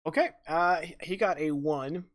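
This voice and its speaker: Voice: mid-range voice, moderate pace. Casual game master calling turns. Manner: casual, narrates dice results and actions. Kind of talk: running a tabletop game.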